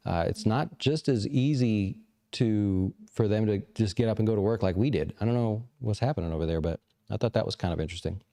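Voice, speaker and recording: A middle-aged man speaks at a low pitch with a dark, mellow tone. He hosts a casual livestream and answers viewer questions, thinking aloud in a loose, rambling way full of fillers and restarts. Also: a little fast, hardly any pauses. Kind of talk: casual live chat about investing.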